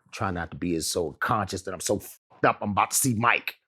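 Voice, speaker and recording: Speaking quickly in a low, husky voice that sounds pushed and bright, a man recounts a wild tale as an interview guest. Profanity peppers his animated storytelling, and he laughs while performing the quotes of everyone in it.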